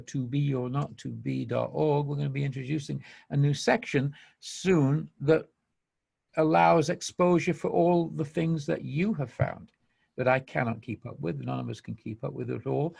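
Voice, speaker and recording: A man with a Mancunian accent hosts a podcast in a loose, rambling monologue, laughing often as he goes. His voice is deeply gravelly and a little husky, sitting slightly higher than most men's. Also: a little mellow. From England. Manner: enthusiastic, rambling, frequent laughs. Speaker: podcast host. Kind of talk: casual monologue.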